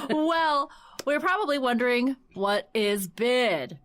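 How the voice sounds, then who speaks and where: A woman with a high voice hosts a comedy podcast and chats casually. She talks in a quick, joking way and laughs often. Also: expressive, a bit bright. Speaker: podcast host.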